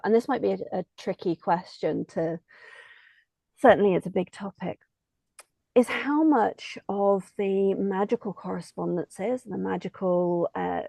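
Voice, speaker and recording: A woman's voice: mid-range voice, vocal fry, warm tone, dry recording. A woman host asking thoughtful, probing questions in a casual interview. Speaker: podcast host.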